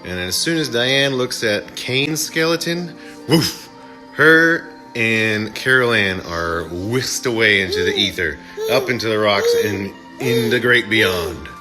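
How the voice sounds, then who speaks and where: A man casually recapping a film play by play, animated, slipping into mock voices for the characters. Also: lowish voice, takes it slowly, music in the background. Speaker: movie reviewer.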